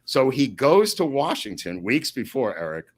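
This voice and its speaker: A man telling stories as an interview guest, animated and often laughing mid-sentence. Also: mid-range voice, normal speed. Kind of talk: storytelling anecdotes in an interview.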